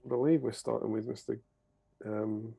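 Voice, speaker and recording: A man's voice: on the low side, fairly even intonation, moderate pace, gravelly, dark tone, slightly rough. A man co-hosting a hobby stream, chatting casually with playful, self-deprecating banter. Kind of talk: casual chat.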